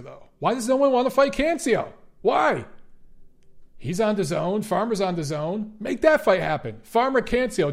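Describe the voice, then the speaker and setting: A man hosting a boxing show, talking casually and bluntly with some profanity while answering viewer questions. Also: high-pitched.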